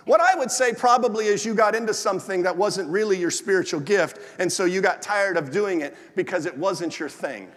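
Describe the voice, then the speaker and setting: A male pastor with a strikingly high voice delivers a sermon in an animated storytelling manner. His words ring out with a long reverb from a large church hall. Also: brisk, hardly any pauses. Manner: animated storytelling with acted asides.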